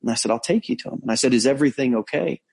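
A man, a pastor, telling a story in a conversational sermon, earnest, slowing down to stress key points. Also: mid-range voice, creaky, a little mellow, slightly rough. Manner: earnest storytelling, frequent restarts and slowed emphasis. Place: on location abroad.

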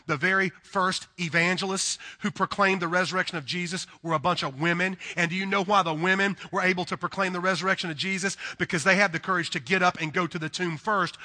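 Southern preacher, high bright voice, hushed-to-loud delivery, long hall reverb. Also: male voice, steady tone, fast, hardly any pauses. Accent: Southern American. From Deep South, USA. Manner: dramatic swings from hushed to loud, mimics voices. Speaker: pastor. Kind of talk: sermon.

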